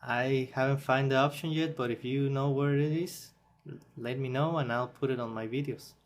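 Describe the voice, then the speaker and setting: A man who is not a native English speaker, hosting a software tutorial and thinking aloud as he works, a bit tired and self-correcting. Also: medium pitch, steady tone, normal speed. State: yawning, tired. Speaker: tutorial host. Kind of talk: screen-recorded software tutorial.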